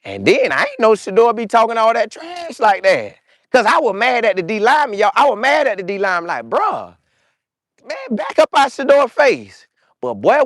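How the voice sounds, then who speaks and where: Animated man with a lively, rising voice. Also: high-pitched, no room sound, clean studio sound. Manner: animated, slangy, mimics players in quoted voices. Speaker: show host. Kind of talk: casual commentary with live chat.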